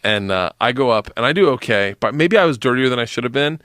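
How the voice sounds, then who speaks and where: A man's voice: medium pitch, fast talker, no room sound. A man telling a comedic story about a gig, laughing as he talks, on a close studio mic. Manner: laughing, lively delivery. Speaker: podcast guest.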